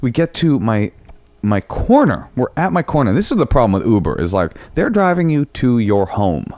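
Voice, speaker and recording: A man telling a story as a comedian guest on a podcast, animated, cursing freely and acting out what people said. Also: normal speed, no echo. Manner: animated, acts out quotes with big pitch jumps, swears freely. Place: home podcast room.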